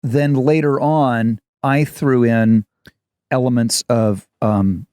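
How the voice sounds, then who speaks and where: A man in his fifties, an actor co-hosting a podcast, chatting casually as an animated storyteller. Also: medium pitch, slow pace, smooth. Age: 50s. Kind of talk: casual chat.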